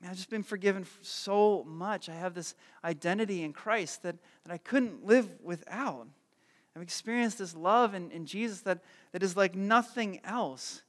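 A man's voice: high-pitched, moderate pace. A man in his thirties preaching a sermon, telling a self-deprecating personal story and then speaking earnestly and from the heart. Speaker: pastor. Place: church sanctuary. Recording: long hall reverb.

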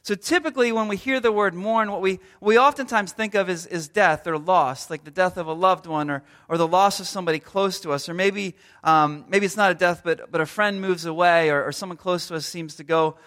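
A pastor in his thirties with a high voice preaches in a relaxed, joking way, acting out small everyday scenes. His tone is bright and forward, and his delivery is loose, full of fillers and restarts. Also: fairly quick, few pauses. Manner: humorous storytelling, acts out little scenes. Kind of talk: conversational sermon.

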